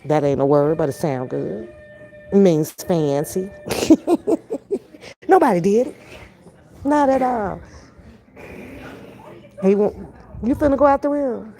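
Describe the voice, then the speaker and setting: A woman's voice: medium pitch, takes it slowly, pauses often, dark tone. An older woman chatting bluntly to her viewers from her kitchen, profane and emphatic, stretching out her words. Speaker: reaction channel host. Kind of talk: casual commentary to viewers. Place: home kitchen.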